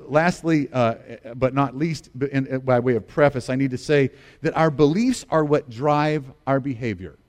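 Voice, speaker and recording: A man's voice: on the high side, a little mellow. A man in his fifties, a pastor preaching a sermon in an earnest, conversational way, often restarting his sentences. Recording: long reverb of a large hall.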